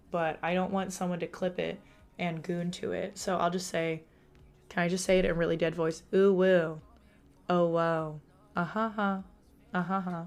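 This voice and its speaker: A young woman streaming from a room at home with a monotone voice. She chats casually and answers her chat. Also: medium pitch, gravelly. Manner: chatty, reads out and answers chat. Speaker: live streamer.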